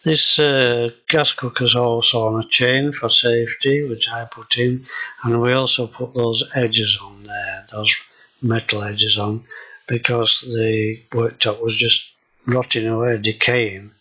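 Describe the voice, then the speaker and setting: A man's voice: mid-range voice, level tone, pushed and bright, breathy edge, rough recording. An older man with a Yorkshire accent, hesitantly walking viewers through his kitchen in a casual home video. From Yorkshire, England. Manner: slow, hesitant, with many fillers. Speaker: vlogger.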